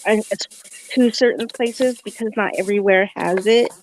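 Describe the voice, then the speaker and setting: A woman's voice: medium pitch, fairly even intonation, moderate pace, a little hiss or hum, rough recording. A woman in casual chat who makes brief, agreeable remarks.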